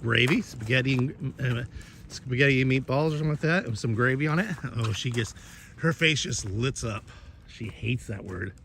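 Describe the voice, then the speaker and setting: A man's voice: mid-range voice, moderate pace, gravelly, a bit bright, a little hiss or hum. A man chatting casually while he cooks, rambling and cursing, with many restarts. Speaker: vlogger and host.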